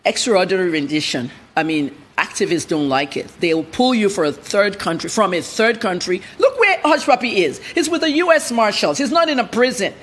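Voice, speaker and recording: A woman's voice: mid-range voice, very animated, normal speed, hardly any pauses. A woman journalist, a guest in a TV news interview, telling her story bluntly and with animation.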